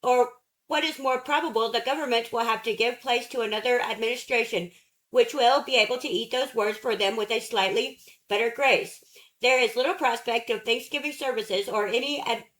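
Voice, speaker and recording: A woman narrating an audiobook, reading essay prose in a measured, steady way. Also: on the high side, low-quality recording.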